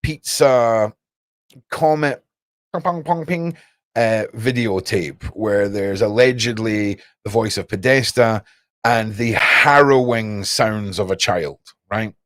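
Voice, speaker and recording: A man's voice: lowish voice, takes it slowly, fairly bright tone, no room sound, studio quality. A young man hosting a livestream, rambling casually and talking straight to his chat viewers. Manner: rambling, cryptic, chats to viewers. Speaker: livestream host.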